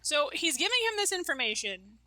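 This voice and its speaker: A woman reacting to an anime episode in casual, chatty commentary. Her voice is high and bright. She talks loosely and fills her sentences with "like" and "you know". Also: sing-song, a little fast, dry recording.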